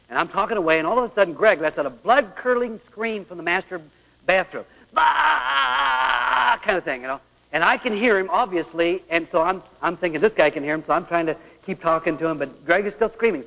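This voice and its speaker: A man's voice: fairly high pitch, a bit bright. A middle-aged man preaching a sermon and telling a story from his own family, acting out voices as he goes. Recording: old lo-fi tape in a large hall.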